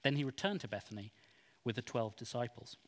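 A man giving an expressive, dramatic Bible reading. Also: mid-range voice, brisk. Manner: expressive, acts out quoted speech. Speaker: scripture reader. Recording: long hall reverb.

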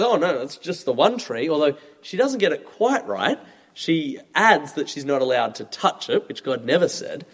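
A man in his thirties preaching a sermon, conversational and expressive. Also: a little high, slightly rough. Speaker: pastor. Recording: long reverb from a large hall.

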